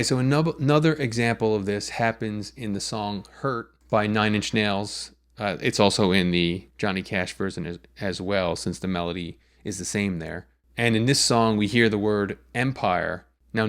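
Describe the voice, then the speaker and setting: A man's voice: on the low side, fairly bright tone. A man explaining lyric writing in a patient, methodical lesson, walking through examples step by step. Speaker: songwriting teacher.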